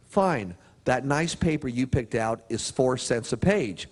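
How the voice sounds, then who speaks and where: A man speaking at a motivational seminar, telling a story with lively swings in pitch and pauses for emphasis. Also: slightly rough. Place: prison chapel or hall.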